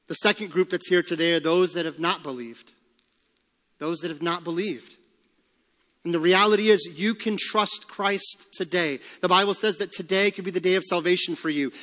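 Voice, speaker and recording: Bright high-pitched preacher guy, earnest n pleading, drops quiet sometimes, big church reverb. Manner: earnest, pleading, shifts to hushed low tones. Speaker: pastor. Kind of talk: sermon. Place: church sanctuary. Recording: long hall reverb.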